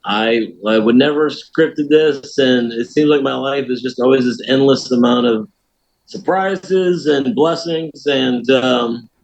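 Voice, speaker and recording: Man, middle-aged, american, folksy podcast storyteller, animated. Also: mid-range voice, measured pace, gravelly, lo-fi sound. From United States. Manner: animated storyteller, folksy, laughs at his own tale. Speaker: podcast guest. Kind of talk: casual storytelling.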